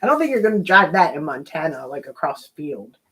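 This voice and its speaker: A woman co-hosts a casual live stream and reads viewer comments aloud. Her voice sits on the low side for a woman, and her delivery is light and teasing. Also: big pitch swings, brisk, a bit bright. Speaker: co-host reading viewer comments. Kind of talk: reading out live chat comments.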